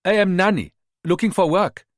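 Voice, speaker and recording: A woman's voice: fairly low pitch, normal speed, no echo, clean studio sound, pitched above the performer's own voice, close to an everyday voice. A man voicing a young female undercover agent who speaks in a Ghanaian accent, polite and deferential. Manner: polite, deferential, asks for work.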